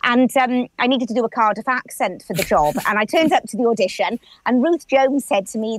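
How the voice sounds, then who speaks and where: A woman's voice: a little high, lively intonation, fairly quick, few pauses, slight background noise. A woman in her forties with a Swansea Welsh accent, chatting earnestly as an actress guest in a radio interview. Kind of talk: radio interview, casual chat.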